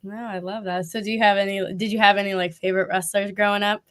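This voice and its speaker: A woman's voice: medium pitch, level tone, fast, fairly bright tone. A woman hosting a casual interview, chatty and enthusiastic, laughing often. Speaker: podcast host.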